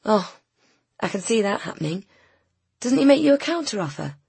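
A woman voicing a gentle, patient bookseller woman in an audiobook, soft but firm. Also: medium pitch, sing-song, moderate pace, vocal fry, slightly rough, no echo, pitched above the performer's own voice, exaggerated voice. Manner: gentle, soothing.

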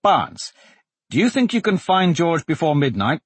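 A man voicing a brash, restless young swordsman in a storybook reading, loud and teasing. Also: on the high side, sing-song, moderate pace, husky, no echo, pitched above the performer's own voice.

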